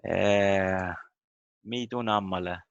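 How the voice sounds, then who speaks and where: A man teaching a language lesson over a video call, explaining step by step with halting fillers. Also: low voice, fairly even intonation, vocal fry, clear, resonant tone, no echo. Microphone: computer mic on a video call. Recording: dull lo-fi video call audio.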